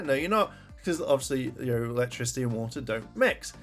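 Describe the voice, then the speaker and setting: A man's voice: mid-range voice, lively intonation, fairly quick, faint music behind. A man casually reviewing a TV episode, rambling through the plot and swearing when he gets annoyed.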